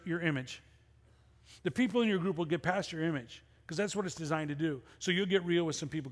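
A male pastor with a high voice delivers a sermon in a church sanctuary. His preaching is conversational and full of rhetorical questions.

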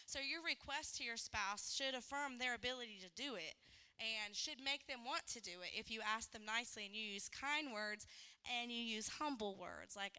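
A woman's voice: on the high side, moderate pace, sharp tone, smooth, big-room sound. A woman teaching a church group marriage lesson, chatty and acting out little quoted exchanges. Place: church hall.

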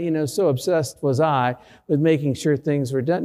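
A man's voice: on the high side, normal speed, hardly any pauses, a little mellow, long reverb tail. A middle-aged man, a pastor, preaching a sermon through a personal story with self-deprecating humor.

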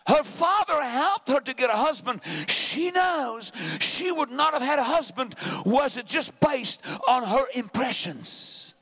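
A man preaching a sermon with passion, often shouting, racing through some phrases and drawing others out slowly. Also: extremely high pitch. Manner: impassioned, frequently shouting; swings between rapid bursts and slow drawn-out phrases.

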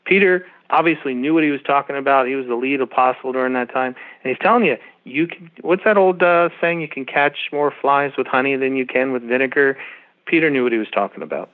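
A man's voice: mid-range voice, brisk. A middle-aged man, a guest calling in, explaining at length in an earnest, preacherly way. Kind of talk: interview guest on a phone line. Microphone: phone. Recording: tinny phone line.

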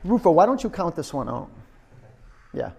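A man's voice: fairly high pitch, sing-song, moderate pace, creaky, a little mellow, a little hiss or hum. A man teaching a yoga class in a studio, counting down holds and coaxing students in a playful, encouraging way. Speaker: yoga instructor.

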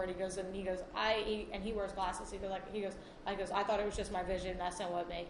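A woman who works in EMS, telling a spirited story in casual chat and quoting others with lively voices. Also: mid-range voice, brisk. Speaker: EMS worker. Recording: echoey room with background noise.

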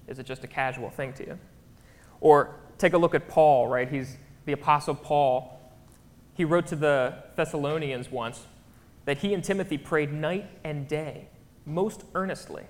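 A man preaching a casual, conversational sermon in a church, often checking in with his listeners. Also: fairly high pitch. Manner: chatty, keeps checking in with the crowd. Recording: long hall reverb.

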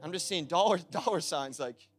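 A man preaching a sermon in a casual, conversational way, breaking into loud, emphatic bursts. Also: on the high side, lively intonation, normal speed, soft background music.

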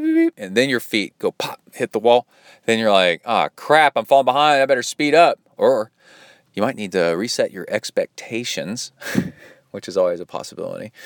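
A man's voice: on the low side, smooth, no echo, studio quality. A man hosting a podcast and coaching triathletes, chatting casually in a rambling, upbeat way with lots of fillers. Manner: rambling and upbeat, many fillers, mimics watch beeps. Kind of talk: casual chat reading listener donations.

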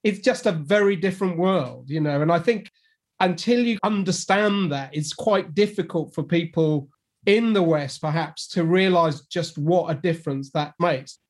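Man, slightly high voice, reflective, hedging, podcast discussion. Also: moderate pace. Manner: reflective, hedging with "you know" and "I guess".

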